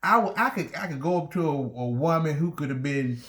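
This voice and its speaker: A man's voice: a little high, animated, a little fast, a bit bright. A man co-hosting a casual chat, earnest and conversational, repeating points for emphasis. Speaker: co-host.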